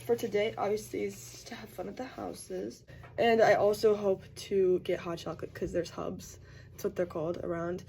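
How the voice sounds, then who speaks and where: A young woman, a college student, vlogs casually while getting ready, her medium-pitched voice gravelly over heavy background noise. It's chatty get-ready-with-me talk where she says "like" constantly and acts out quoted voices.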